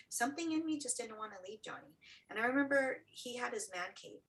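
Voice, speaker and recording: A woman's voice: fairly high pitch, expressive, quick pace, a bit bright, rough recording. A middle-aged woman, an interview guest, telling a personal story with earnest feeling and acting out what others said.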